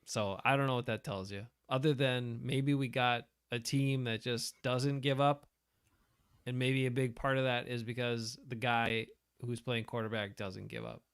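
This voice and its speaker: A man co-hosting a casual sports chat, easygoing, laughing along with quick agreements. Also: medium pitch, steady tone, a bit bright, clean tone. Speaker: co-host.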